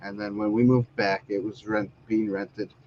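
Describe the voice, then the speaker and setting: A man's voice: fairly low pitch, little pitch movement, normal speed, a little hiss or hum. Rambling man on lo-fi stream audio. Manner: rambling storyteller, laughs often. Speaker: talk show host. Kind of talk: casual chat.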